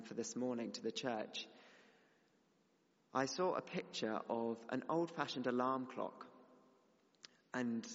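Earnest male preacher in a reverberant hall. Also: mid-range voice. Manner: earnest, building to emphatic exhortation. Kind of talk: sermon. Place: church hall. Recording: dull sound with long hall reverb.

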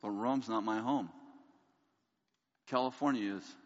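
A man preaching a sermon, telling a funny personal story in an animated way and laughing often. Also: on the low side, unhurried. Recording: long hall reverb, dull lo-fi sound.

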